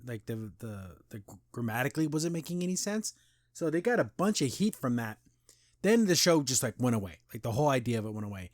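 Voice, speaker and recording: Clean studio sound with no room echo captures a young male podcast host whose mid-range voice is a little mellow. Originally from the U.S. and brought up in Las Vegas, he rambles through a casual, opinionated review, restarting often, repeating himself, and frequently turning sarcastic.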